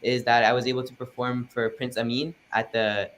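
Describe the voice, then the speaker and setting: A man's voice: mid-range voice, level tone, normal speed, fairly bright tone, a little hiss or hum. A teenage boy, a guest musician, answering interview questions politely and eagerly. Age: teens.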